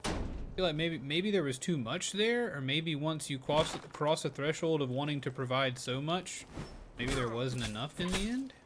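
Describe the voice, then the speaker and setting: A man's voice: a little high, animated, moderate pace, background noise. A man streaming live as he plays a game, chatting casually in a rambling, musing way, with hedges and bits of dry sarcasm. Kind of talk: casual chat while playing a game. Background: game music.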